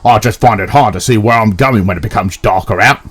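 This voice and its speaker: A man's voice: brisk, slightly rough. A man voicing a grumpy, easily frightened male steamroller engine in a storybook reading, stammering and defensive. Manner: stammering and defensive, shrill wailing when terrified.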